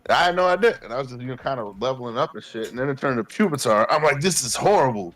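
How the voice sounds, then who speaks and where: A man, co-hosting a podcast and telling animated, profane stories, acting out his past self. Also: medium pitch, very fast. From Queens, New York. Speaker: podcast co-host. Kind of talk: casual chat.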